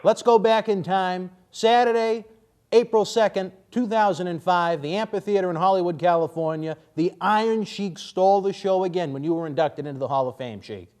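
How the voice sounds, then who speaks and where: A man hosts a radio interview in a fairly high voice. He lays out each recap with dramatic build before putting his question to the guest. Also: normal speed, darkish tone.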